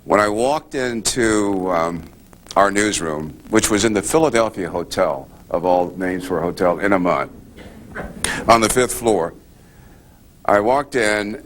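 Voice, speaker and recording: Older guy journalist, really low voice, slow and deliberate, pausing a lot. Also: fairly bright tone, a little hiss or hum. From United States. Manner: measured, deliberate, with pauses and restarts. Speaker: guest speaker, journalist. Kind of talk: storytelling answer at a press club Q&A.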